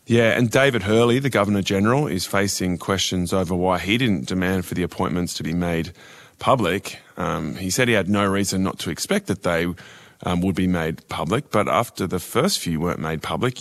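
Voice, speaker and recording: A man's voice: sits low, creaky, a bit bright, dry recording. A young Australian man hosting a news podcast, chatty and upbeat. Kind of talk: casual news podcast chat.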